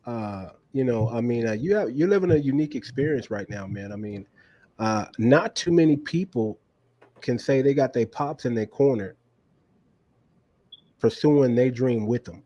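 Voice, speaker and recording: A man's voice: mid-range voice, lively intonation, moderate pace, dark tone, highs cut off. A man hosting a casual livestream interview who keeps speaking straight to his viewers and checking the stream.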